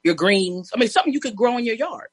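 A woman guest telling lively stories in casual chat, laughing and acting out other people's lines. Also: a little high, quick pace, husky, no echo. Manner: animated, laughing, acts out neighbors' lines.

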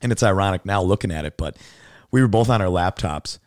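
A man's voice: low voice, fast talker, no room sound, clean studio sound. A man hosting a podcast, chatting casually in a rambling way full of "like" and swearing. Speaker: podcast host. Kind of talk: casual chat.

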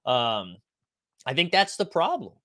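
A man's voice: medium pitch, wildly swooping pitch, a little slow, a bit bright, dry recording, studio quality. A man hosting a casual stream, reading viewer comments aloud in a loose, conversational way, full of likes and ums. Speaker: stream host.

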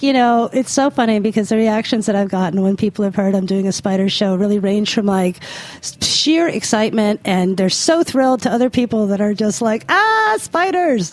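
A bubbly woman hosts a radio interview with plenty of enthusiasm. She talks in a casual, excitable way and laughs easily. Her voice sits at an everyday pitch. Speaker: host.

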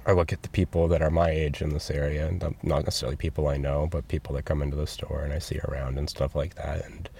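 A young man working as a store cashier, talking candidly and haltingly in an interview, earnest and sometimes emotional. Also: rumbling low, flat delivery, vocal fry, warm tone, breathy edge.

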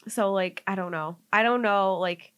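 A woman's voice: mid-range voice, normal speed, fairly bright tone, clean tone, muffled recording. A young woman co-hosting a podcast, telling a personal story in casual chat, full of "like" fillers and getting tearful. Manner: heavy use of "like" as filler, emotional and tearful. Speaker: podcast co-host.

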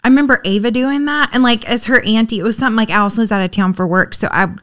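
A woman's voice: on the high side, racing, a bit bright. A middle-aged woman in casual chat, enthusiastic and rambling, with many fillers.

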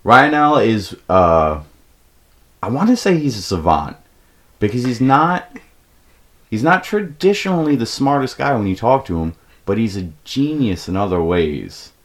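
A young man hosting a podcast, telling rambling comic stories with plenty of swearing and acted-out quotes. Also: measured pace. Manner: profane, animated, acts out quoted people in a high voice. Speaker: podcast host. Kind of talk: casual comedic storytelling.

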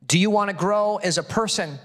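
A middle-aged man preaching a sermon with his wife, animated and jokey, full of quick asides. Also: sits high. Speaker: pastor. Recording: long hall reverb.

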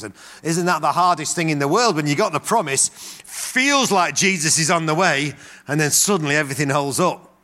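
Speaking a little high and fairly fast, a middle-aged man preaches, weaving in stories. He brings them to life by performing each character's lines in their own voice.

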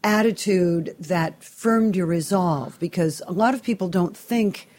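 A woman's voice: on the low side, a little slow, darkish tone. A woman from Southern California interviewing a guest, talking in an engaged, emphatic way. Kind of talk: conversational interview.

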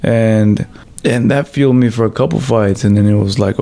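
Mellow-voiced man telling a story. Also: on the low side, normal speed, gravelly. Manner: loose, swearing, heavy with fillers like "you know" and "like". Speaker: professional fighter. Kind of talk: casual storytelling interview.

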